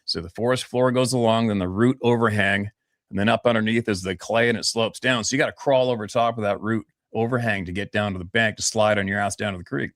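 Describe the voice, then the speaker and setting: A man's voice: fairly low pitch, fast talker, no echo, clean studio sound. Blunt, profane man in his fifties. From Vancouver Island, Canada. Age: 50s. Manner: blunt, profane, animated storyteller. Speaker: interview guest. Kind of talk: casual storytelling interview.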